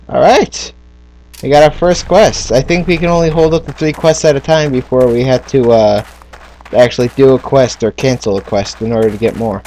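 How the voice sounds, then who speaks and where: A man's voice: medium pitch, moderate pace, darkish tone, slight background noise. A man giving casual commentary as he plays a game, chatting and thinking aloud about what to do next. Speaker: gamer.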